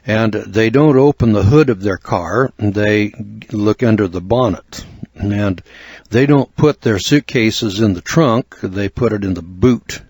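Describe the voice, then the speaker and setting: An older American man reads and explains a book review in an earnest, measured lecturing manner. His voice sits on the low side and is recorded close and dry, with no room sound. He talks steadily, pausing now and then for asides. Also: darkish tone, husky, no echo. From United States. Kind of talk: spoken book review narration.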